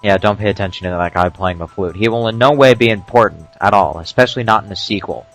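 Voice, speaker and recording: A man doing casual commentary over a video game, explaining tips with dry jokes and frequent "uh" pauses. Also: lowish voice, fairly bright tone, faint music behind. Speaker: let's play commentator.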